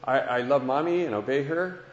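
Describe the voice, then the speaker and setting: A man voicing an excited eight-year-old boy who eagerly pesters his father with questions, in an echoey hall. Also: mid-range voice, normal speed, voice pushed up, close to an everyday voice. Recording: dull lo-fi sound in echoey hall.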